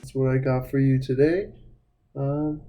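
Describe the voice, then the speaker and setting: A man's voice: medium pitch, steady tone, measured pace, dark tone, low-quality recording. A man chatting casually to camera about sneakers, laid-back and slangy, with plenty of fillers and "you know what I mean.". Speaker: sneaker reviewer.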